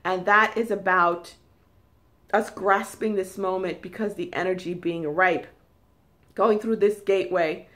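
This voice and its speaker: A woman with a New York accent giving an emphatic spiritual talk, repeating herself and rising into high, forceful tones. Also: steady tone, measured pace. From New York City. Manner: emphatic, repetitive, high-pitched bursts. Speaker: spiritual channel host.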